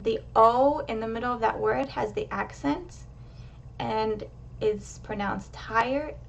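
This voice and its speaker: A woman teaching pronunciation, explaining step by step and modelling each word slowly and with emphasis. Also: on the high side, gravelly, recorded from a distance. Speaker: language teacher. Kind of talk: slow, careful pronunciation lesson.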